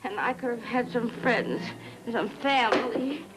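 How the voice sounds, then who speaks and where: An actress playing a drunk, lonely, bitter wife who slurs and breaks into tearful shouting. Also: female voice, fairly high pitch, animated, measured pace, loud music behind the voice, rough recording. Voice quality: slurred, tearful, shouting outbursts.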